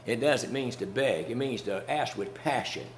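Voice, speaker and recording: Male preacher, mid-pitched, folksy and conversational, light chuckles, faint hum behind. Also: normal speed. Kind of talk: sermon.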